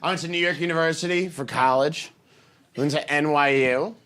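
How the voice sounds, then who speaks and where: Animated stand-up comedian, man. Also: fairly high pitch. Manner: quick, animated storytelling with acted-out voices. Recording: live stage recording with audience noise.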